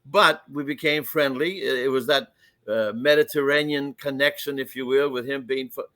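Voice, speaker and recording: A man's voice: mid-range voice, steady tone, normal speed, pushed and bright, no room sound. A man co-hosting a podcast, telling a story in an earnest, confiding way. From Greek heritage. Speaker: podcast co-host. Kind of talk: casual storytelling.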